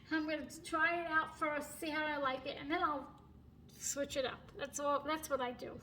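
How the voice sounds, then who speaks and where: A woman's voice: sits high, level tone, normal speed, sharp tone, slight background noise, rough recording. A middle-aged woman chatting casually through a home cooking video in her kitchen, laughing often and apologizing as she goes, filming on a phone. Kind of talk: casual cooking vlog chat. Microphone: phone camera held and turned while cooking. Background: pet bird chirping faintly.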